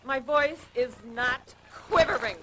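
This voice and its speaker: A woman's voice: high-pitched, takes it slowly, pushed and bright, a little hiss or hum, exaggerated voice. A flustered young woman denying love. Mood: defensive. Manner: indignant denials. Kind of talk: movie dialogue.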